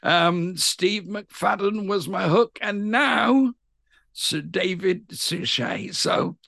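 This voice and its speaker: Chatty high-voiced man with gravelly edge. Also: drawn-out words, dry recording, studio quality. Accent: West Country English. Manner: chatty and enthusiastic, animated storytelling. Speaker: pantomime actor. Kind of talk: casual interview chat.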